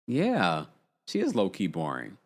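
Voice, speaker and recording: Guy doing a live reality tv recap, lively up-and-down voice, chatty, reads out comments. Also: low-pitched, a little slow. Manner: animated, chatty, reads viewer comments aloud. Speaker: livestream host. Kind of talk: casual reality-TV recap livestream.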